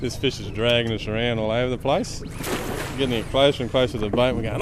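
Talking fast in a steady, mid-range voice, an Australian man in his fifties from Darwin tells a relaxed story, breaking into laughter frequently. Music runs in the background along with other noise.

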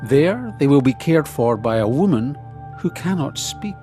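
A man's voice: medium pitch, very animated, a little slow, mellow, soft background music. An actor playing an earnest, curious medieval king, in a scripted audio drama. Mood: determined. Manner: earnest, grandly wondering. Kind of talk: scripted radio acting.

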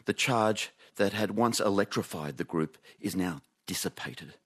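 A man hosting a radio comedy show and telling a self-mocking story to a studio audience in a wry, deadpan way. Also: sits low, measured pace, breathy edge. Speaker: radio host.

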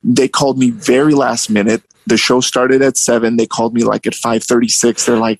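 A young man with a gravelly, slightly husky voice tells a story in a loose, casual way. He turns animated and jumps well up in pitch whenever he acts out the people in it, and the recording is dry and close. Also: fairly quick, hardly any pauses, no room sound, low-quality recording. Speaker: guest telling a story.

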